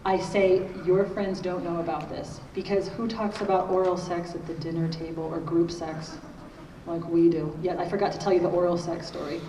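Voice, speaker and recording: Middle-aged woman speaker, lowish voice, chatty lecture style, picked up from afar in a big reverberant hall. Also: level tone, normal speed. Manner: conversational, keeps checking in with "okay?". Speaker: conference speaker on parenting. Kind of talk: conference talk. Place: large conference hall. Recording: echoey hall, distant mic, faint noise.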